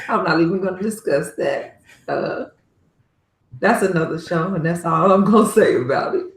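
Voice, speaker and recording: Podcast co-host lady, kinda low voice but really lively, fussing at her cohost, echoey room. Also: moderate pace. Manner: animated, exasperated scolding with bursts of laughter. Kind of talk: casual chat.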